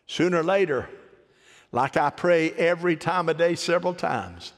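A man preaching with a folksy, animated delivery, his fairly high voice lifting as he questions the congregation. His words ring out with the long reverb of a church hall behind them. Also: normal speed. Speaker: pastor. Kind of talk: sermon.

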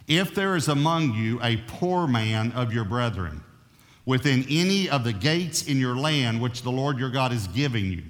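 A male pastor delivering a sermon, emphatic and checking in with his congregation. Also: mid-range voice. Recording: long reverb of a large hall.

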